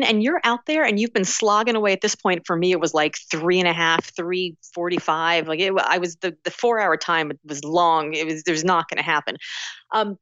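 A middle-aged woman tells stories as an interview guest, animated and quick to act out the voices in her head. Her voice is dry and close, with a dull, lo-fi sound. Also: on the low side, no room sound. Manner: animated, acts out inner voices, many restarts. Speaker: guest author. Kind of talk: casual interview storytelling.

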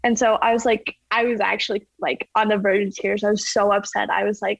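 A woman talking casually as an interview guest, full of fillers like "like" and acting out her own quotes in a higher voice. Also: fairly even intonation, moderate pace, gravelly, no room sound, dull audio. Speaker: guest athlete.

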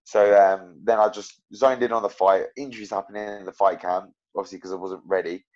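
A man's voice: sits low, steady tone, brisk, a little mellow, highs cut off. A man talking as an MMA fighter guest, rambling and frank about his own fights. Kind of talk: casual interview chat.

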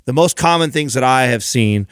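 A man's voice: medium pitch, animated, normal speed, a bit bright, clean tone, no room sound, clean studio sound. Man coaching with many restarts. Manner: coaching, explains with repeated restarts. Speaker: podcast co-host. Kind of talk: casual fitness podcast chat.

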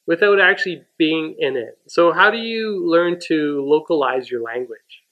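A woman's voice: low voice, moderate pace, highs cut off. A woman interviewing a guest, giving short encouraging replies and asking follow-up questions. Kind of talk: casual conversational interview.

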